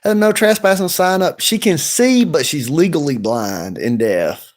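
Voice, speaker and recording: A man's voice: a little high, animated, moderate pace. A man ranting bluntly and rambling on a late-night livestream from home, swearing often. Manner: blunt, rambling, heavy profanity. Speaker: livestream host.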